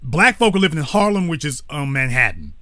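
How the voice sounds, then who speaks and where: Guy hosting a call-in show, punchy forceful voice, kinda high, blunt and cussing, dry sound. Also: sing-song, fairly quick, no room sound. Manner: blunt, profane, digressive, corrects himself aloud. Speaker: talk show host. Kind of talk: call-in talk show commentary.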